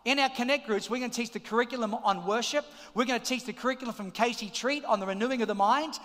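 A middle-aged man preaching a sermon as pastor, energetic and calling out to the congregation in a large church auditorium. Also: extremely high pitch, fast talker. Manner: energetic, shouting calls to the congregation. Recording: long hall reverb.

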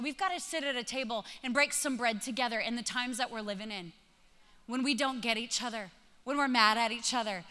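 Woman, sermon, bright voice, emphatic conversational preaching, long hall reverb. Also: on the high side.

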